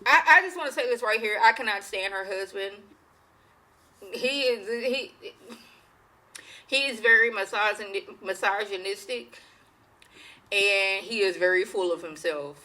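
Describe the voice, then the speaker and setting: A woman's voice: mid-range voice, a little slow, long pauses, sharp tone, rough recording. A woman giving a chatty, rambling, opinionated recap as a show reviewer. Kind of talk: casual recap.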